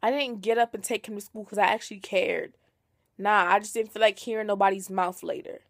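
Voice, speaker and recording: A woman's voice: mid-range voice, fairly even intonation, brisk, creaky. A young woman chatting casually to her camera in a vlog, playful, slangy and teasing herself. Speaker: vlogger.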